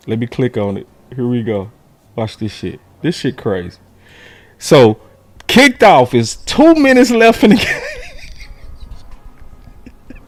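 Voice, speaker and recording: Male sports host, animated, loud on emphasis, dry close sound. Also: medium pitch, slow, long pauses, no room sound, soft background music. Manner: animated, shouts key words, talks to his audience. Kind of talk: casual sports film breakdown.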